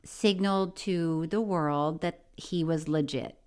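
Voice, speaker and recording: A woman's voice: low voice, slow, darkish tone, clear, resonant tone. A woman co-hosting a casual chat show, teasing and laughing as she talks. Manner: teasing, laughs often, stumbles over names. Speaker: podcast co-host.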